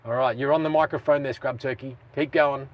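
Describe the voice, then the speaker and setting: A man's voice: medium pitch, steady tone, fairly quick, muffled recording. A man with an Australian accent hosting a casual live stream, chatting and rambling in slang.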